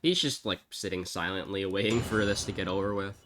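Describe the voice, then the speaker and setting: A woman's voice: rumbling low, brisk, background noise. A woman streamer giving casual, sarcastic, self-mocking gameplay commentary with some swearing. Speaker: streamer playing a game.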